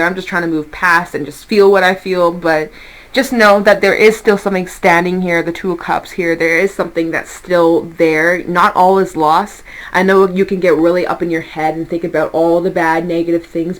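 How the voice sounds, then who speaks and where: A woman's voice: fairly low pitch, low-quality recording. A woman giving a casual tarot reading, chatty and reassuring, laughing now and then and swearing lightly. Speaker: tarot reader.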